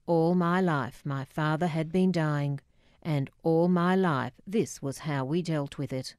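A woman narrating her memoir in a reflective, measured, wry way, close on a studio mic. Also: sits low, darkish tone, clear, resonant tone, dry recording.

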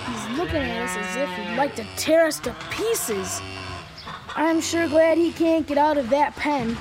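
A woman's voice: high-pitched, unhurried, over music. A woman voicing an honest, cautious schoolboy in a children's radio drama, earnest and a bit hesitant.

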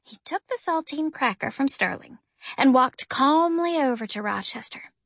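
Woman reading a kids story out loud, high bright voice, super dry close sound. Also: expressive, normal speed, vocal fry, dry recording. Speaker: audiobook narrator. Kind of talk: first-person story narration.

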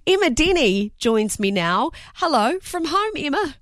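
A woman from New hosting a breakfast radio show in a studio, chatty and quick, stumbling over words and laughing. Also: high voice, very animated, a bit bright, no room sound. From New Zealand. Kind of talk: casual radio chat.

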